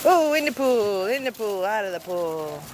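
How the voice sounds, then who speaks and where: A woman's voice: medium pitch, big pitch swings, normal speed. A woman at a kennel talking to dogs in coaxing, praising baby talk. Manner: sing-song, coaxing, praising. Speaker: kennel worker playing with dogs. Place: dog kennel play area. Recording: noisy with dogs around.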